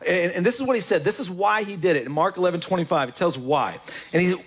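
A man preaching a sermon in a church, lively and joking with the congregation. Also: high-pitched, quick pace, slightly rough. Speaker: pastor.

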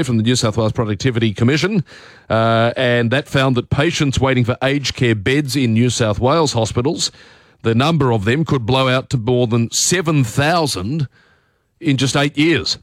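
Man, Australian accent, radio host, casual filler-heavy chat, mid pitch, dry close mic. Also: normal speed, no room sound. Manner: conversational, with frequent fillers. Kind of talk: talkback radio interview.

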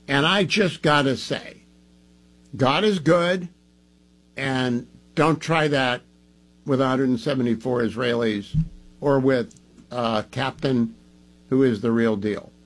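A man's voice: medium pitch, slow, long pauses, a bit bright. A man hosting a talk radio show, chatting casually and emphatically while groggy from medication. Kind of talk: casual monologue.

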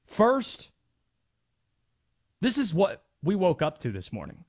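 A man's voice: high-pitched, wildly swooping pitch, slow pace, darkish tone, slightly rough. A man hosting a sports talk radio show, ranting in an emphatic, mocking way.

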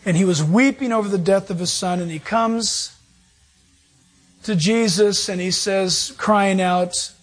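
A man preaching a sermon as pastor, animated and acting out quoted voices. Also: high voice, measured pace.

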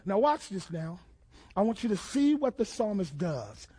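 A high-pitched male pastor preaching with fervor. He questions his listeners directly and climbs into shouted, emphatic lines. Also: very animated, moderate pace, slightly rough. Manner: preaching with call-and-response questions and rising shouts. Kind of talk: sermon.

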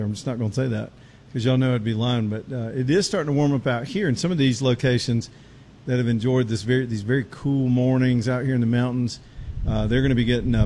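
A man's voice: mid-range voice, darkish tone. Man, talk radio host, folksy, chatty, a bit out of breath, faint background noise. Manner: folksy, chatty, Southern turns of phrase. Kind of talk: casual talk radio with live ad read. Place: outdoors on a road show, windy.

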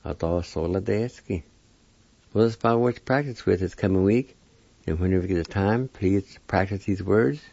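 A man giving a slow spelling and pronunciation lesson, spelling out letters and repeating syllables one by one. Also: on the low side, creaky, mellow, dry recording. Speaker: language teacher. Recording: muffled lo-fi recording.

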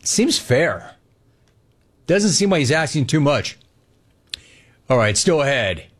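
A man's voice: fairly high pitch, big pitch swings, slow pace, breathy edge. A man hosting a sports talk radio show, giving a sarcastic and emphatic monologue.

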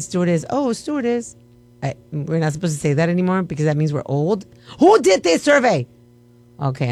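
A woman hosting a radio segment, chatting in a playful, mock-offended way. Her pitch swings widely as she talks, and she laughs often. She sounds like a radio host bantering on air. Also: darkish tone.

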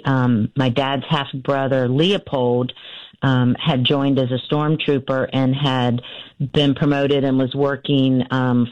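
A woman in her fifties, an author being interviewed, telling a family story earnestly with many pauses and restarts. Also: a bass voice, no room sound, highs cut off. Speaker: author and guest.

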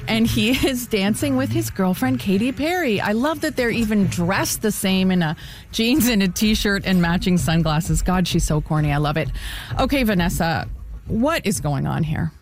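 A woman hosting a radio culture show, chatting casually in a lively, amused way. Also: mid-range voice, moderate pace.

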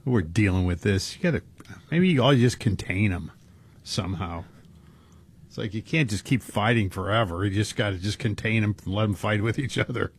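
A man's voice: lowish voice, moderate pace, husky. A man co-hosting a radio talk show, joking and sounding exasperated, often laughing. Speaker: radio co-host.

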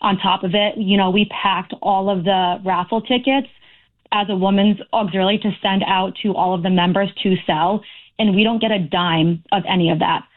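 A woman's voice: mid-range voice, fairly even intonation, normal speed. A woman calling in to a radio show, talking earnestly and at length about being treated unfairly. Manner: earnest, aggrieved, talks in long runs. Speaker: caller. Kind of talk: call-in talk radio. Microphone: telephone. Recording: phone line.

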